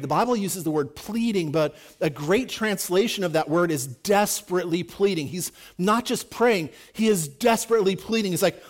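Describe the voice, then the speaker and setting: A man preaching a sermon in a conversational, emphatic way, acting out quotes as he goes. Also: fairly high pitch. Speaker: pastor.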